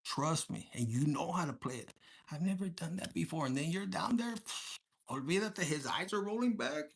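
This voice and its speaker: A man's voice: on the high side, expressive, moderate pace, creaky, fairly bright tone, a little hiss or hum. A man giving a casual tarot reading for viewers, talking in a crude, profane, joking way and mixing in Spanish slang. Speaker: tarot reader.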